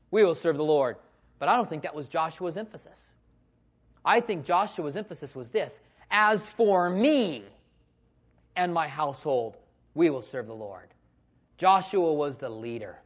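A man in his forties preaching a sermon with passion, swinging between loud calls and hushed asides. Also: high-pitched, muffled recording. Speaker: pastor.

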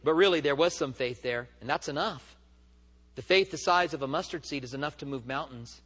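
A man with a fairly high, somewhat bright voice speaks quickly, his sound filling a big room. He's teaching a church study as a sermon, telling stories in an emphatic preaching style that rises when he gets stirred.

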